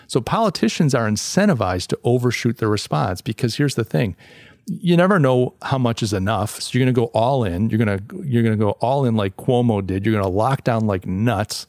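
A man's voice: medium pitch, expressive, brisk, a little mellow, dry recording, clean studio sound. Brief: man, solo podcast host, chatty commentary, trips over words, mid-range voice. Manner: conversational, restarts often, acts out quoted voices. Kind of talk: solo commentary reviewing a paper.

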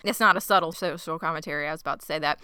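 A woman co-hosts a podcast in easygoing chat, her voice bright and smooth. She talks in a chatty, teasing way, close to the mic in a dry room with no echo. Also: low-pitched. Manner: chatty, teasing, quick to laugh. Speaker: podcast co-host. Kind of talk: casual chat.

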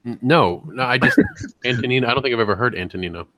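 A man's voice: mid-range voice, fast, bright, forceful tone, no echo. A man co-hosting a casual podcast, joking and profane, often slipping into put-on voices. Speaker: podcast co-host. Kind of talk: casual chat.

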